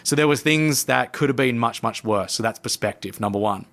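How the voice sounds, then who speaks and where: Bright-voiced man telling a story. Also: mid-range voice, fairly quick. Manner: lively narrator who acts out his own past lines. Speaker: podcast guest, coach and speaker. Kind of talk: animated storytelling in conversation.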